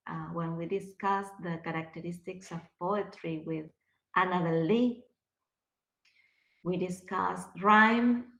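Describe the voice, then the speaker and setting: A woman's voice: fairly low pitch, a bit bright, reverberant, poor audio. A woman teaching a literature class, explaining step by step and checking that students follow. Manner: slow, explanatory, checks understanding with questions. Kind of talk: lecturing a class.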